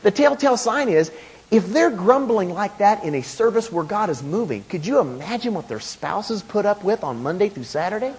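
A man preaching a sermon in an emphatic, animated way, with quotes and asides. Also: sits high, slight background noise. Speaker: pastor.

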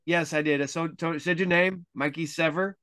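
A man's voice: on the high side, fairly even intonation, moderate pace, fairly bright tone, smooth, dry recording, studio quality. A man hosting a podcast interview in an easygoing way, laughing often and stumbling over restarts. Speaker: podcast host. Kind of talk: casual interview chat.

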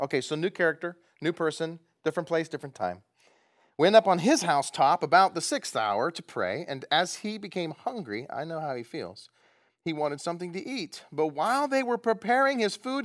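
A man with a slightly high, somewhat bright voice leads a prayer and teaches a Bible study to people seated at tables. He keeps it conversational, adding light humorous asides, in a room with groups gathered at tables.

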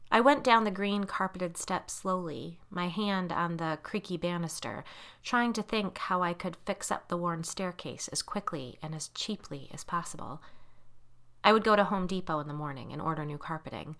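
A woman reading a first-person novel aloud as an audiobook narrator, in measured storytelling. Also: lowish voice, a bit bright.

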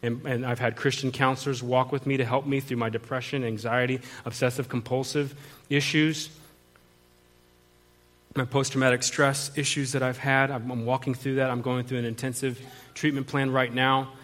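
A man pastor preaching in an earnest, confessional tone, with a voice of middle pitch. He often restarts his sentences as he shares his personal testimony. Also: flat delivery, moderate pace, a bit bright.

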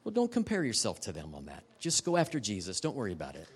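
A middle-aged man giving a guest sermon at a church service. He tells personal stories in a candid, emotional way and turns to the audience with quick asides. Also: on the low side, huge pitch swings, husky. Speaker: guest preacher. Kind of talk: conversational sermon ending in prayer.

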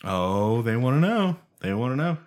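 A man co-hosting a podcast in casual chat, profane and excitable, arguing with emphasis. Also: mid-range voice, moderate pace. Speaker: podcast co-host.

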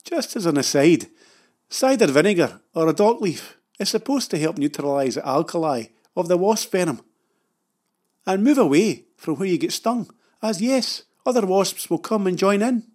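A man's voice: high voice, animated, moderate pace, darkish tone. Wry Scottish man telling a story. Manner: dry, wry, self-mocking. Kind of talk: humorous storytelling narration.

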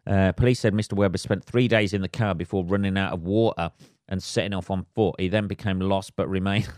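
Brief: low-voiced male podcast host, sweary comic rant, dry close sound. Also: fairly even intonation, brisk, darkish tone, no room sound. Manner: sweary, laughs at his own jokes, acts out voices. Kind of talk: solo comedic podcast rant.

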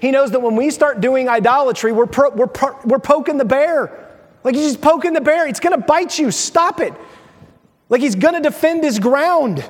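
A man preaching a sermon as pastor, animated and playful, acting out little dialogues. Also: extremely high pitch, moderate pace. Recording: long hall reverb.

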